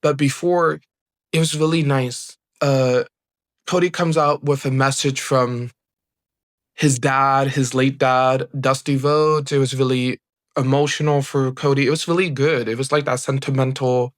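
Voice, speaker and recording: A man giving an excited, rambling recap of a wrestling event, filling it with "like" as he goes. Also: mid-range voice, unhurried. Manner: excited, rambling play-by-play with many "like"s. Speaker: wrestling reviewer. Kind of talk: casual recap.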